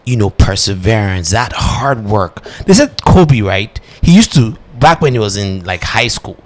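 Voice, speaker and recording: Relaxed low-voiced man hosting a podcast. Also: a little slow. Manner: relaxed, repeats himself. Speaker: podcast host. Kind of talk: casual podcast chat.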